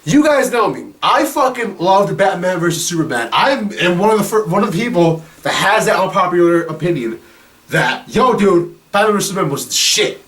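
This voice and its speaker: A man's voice: high-pitched, animated, moderate pace, a bit bright. A young man giving a casual, profane film review, rambling with lots of fillers, a little distant from the mic. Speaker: movie reviewer.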